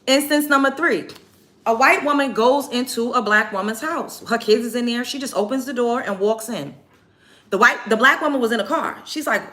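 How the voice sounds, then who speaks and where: A woman's voice: fairly high pitch, moderate pace, pushed and bright. A woman hosting a livestream, retelling events to her chat in a heated, profane, emphatic rant. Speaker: livestream host.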